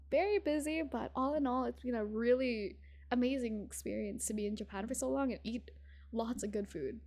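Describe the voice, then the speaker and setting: A young woman streaming a game, chatting casually and brightly with her chat, greeting viewers by name and giggling often. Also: fairly high pitch. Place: small room with thin walls, indoors.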